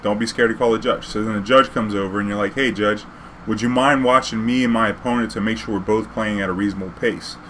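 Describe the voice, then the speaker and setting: Profane animated man. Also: fairly low pitch, fast talker, slight background noise. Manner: animated, profane, acts out heated exchanges. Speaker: streamer telling a story. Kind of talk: casual storytelling.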